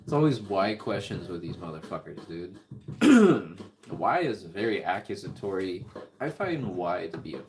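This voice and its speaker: A man's voice: low voice, sing-song, moderate pace, a little mellow. A man talking in a casual, rambling monologue, riffing and swearing freely. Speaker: music vlogger. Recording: clicking background noise.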